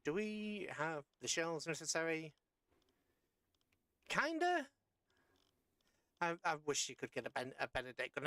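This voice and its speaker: A tired man casually commenting as he plays a submarine game live, rambling and correcting himself with playful jumps in pitch. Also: sharp tone, dry recording. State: tired after a long rough day. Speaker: streamer playing a submarine game.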